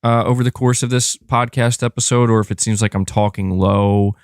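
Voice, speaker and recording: Podcast host, male, monotone and a bit sore-throated, low voice, dry close sound, rambling casual delivery. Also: normal speed, no room sound. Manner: rambling, restarts phrases, reads viewer comments aloud. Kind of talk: casual live-stream podcast chat.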